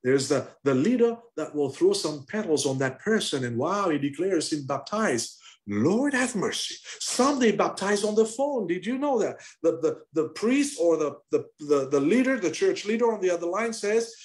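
A man, a pastor, preaching an animated sermon with call-and-response over a video call. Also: sits high, moderate pace, hardly any pauses.

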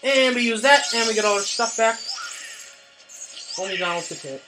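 A woman giving gameplay commentary as a let's play host, getting excitable, cursing and yelling at the game. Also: on the high side, a little fast, long pauses, rough recording. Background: game music.

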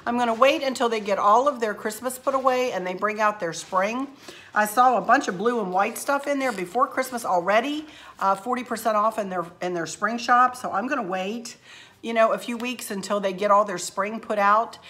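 Chatty bright-voiced woman with a scratchy throat. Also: a little high, normal speed. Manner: chatty, effusive and emotional, with frequent laughs. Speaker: craft channel host. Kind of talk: casual chat to camera. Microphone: handheld camera.

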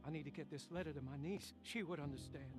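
A man's voice: fairly high pitch, fast, natural voice. A man playing a paranoid, jittery man. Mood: anxious. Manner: anxious, pleading. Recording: game audio with background music.

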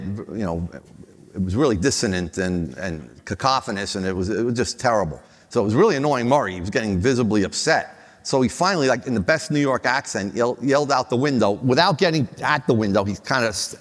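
An older man on a conference panel, telling anecdotes with frequent restarts and chuckles. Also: medium pitch. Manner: rambling, many restarts, chuckles at own stories. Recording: long reverb of a hall.

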